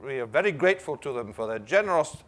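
A man's voice: mid-range voice, animated, fast talker, fairly bright tone. A man hosting an onstage interview, asking questions with light teasing and encouraging prompts. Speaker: interviewer, event host.

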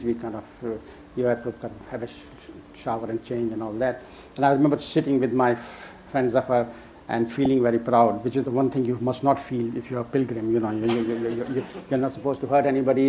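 A man's voice: mid-range voice, mellow, a little hiss or hum. Older man telling a story, chuckling. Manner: chuckling, halting with many restarts. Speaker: storyteller guest. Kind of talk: casual anecdote telling.

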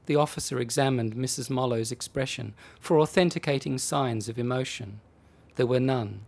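A man reading a comic short story aloud with dry, expressive delivery. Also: medium pitch, normal speed, hardly any pauses.

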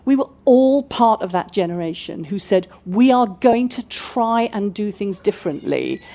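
A woman's voice: mid-range voice, lively intonation, moderate pace, gravelly, warm tone. A woman in her sixties speaking as guest at a book festival talk, telling stories animatedly with frequent fillers. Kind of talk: festival talk answering questions.

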